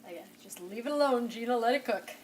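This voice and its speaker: A woman's voice: fairly high pitch, lively intonation, quick pace. A woman hosting a home cooking video, chatty and enthusiastic, talking straight to the viewer as she cooks. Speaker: home cooking show host. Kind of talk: casual cooking demonstration. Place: home kitchen. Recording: distant camera mic, kitchen noise. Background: cooking sizzle and utensil clatter.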